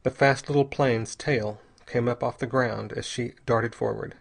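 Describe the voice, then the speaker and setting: A man's voice: medium pitch, steady tone, a little slow, vocal fry, breathy edge. Man reading an audiobook steadily. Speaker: audiobook narrator. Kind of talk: scripted narration.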